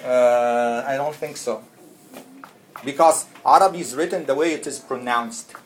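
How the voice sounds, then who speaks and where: A man's voice: mid-range voice, a little slow, a little hiss or hum. A man giving an informal Arabic lesson at home, patiently explaining and repeating phrases step by step.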